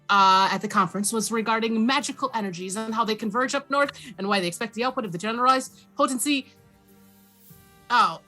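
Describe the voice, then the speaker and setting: A man's voice: high-pitched, pushed and bright. A woman voicing a rambling, scholarly father who rambles, corrects himself and apologizes in a recorded magical message.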